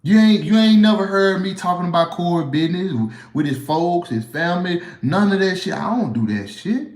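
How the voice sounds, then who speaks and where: A man's voice: high-pitched, lively intonation, brisk. Blunt, profane Southern man in a roomy echo. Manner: blunt, profane, rambling with frequent restarts. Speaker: comedian answering viewer questions. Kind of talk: casual livestream Q&A.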